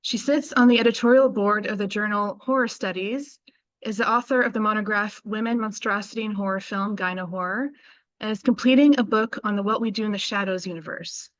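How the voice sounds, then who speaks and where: A woman festival host reads a speaker introduction from notes, taking it carefully and tripping over unfamiliar names. The sound is dry and somewhat dull, as if recorded through a basic mic. Her pitch is ordinary for a woman. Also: fairly quick, no echo.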